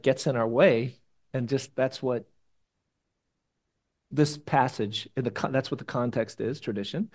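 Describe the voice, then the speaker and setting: A man preaches to his church in a relaxed, conversational way, with a mid-range voice. He rambles a bit, then rises suddenly and emphatically when he wants a point to land. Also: medium pitch. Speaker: pastor. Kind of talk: conversational sermon. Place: church meeting room.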